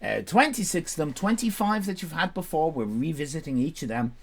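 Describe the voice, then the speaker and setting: A man's voice: a little high, expressive, brisk. Guy streaming live, rambly and sweary, voice jumps all over. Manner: rambling, sweary and self-mocking. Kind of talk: casual live-stream chat.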